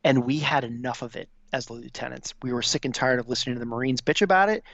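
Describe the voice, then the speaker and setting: A man's voice: medium pitch, fast, gravelly, fairly bright tone, dry recording. A man in his fifties, a podcast guest and veteran, telling a casual, profane anecdote and acting out the people he quotes. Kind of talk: casual storytelling. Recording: dry, slightly dull audio.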